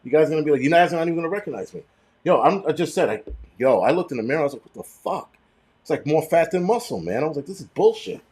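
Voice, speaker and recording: A man hosting a casual livestream chat, rambling and swearing freely with animated outbursts. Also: a little high, racing, slightly rough. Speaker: host.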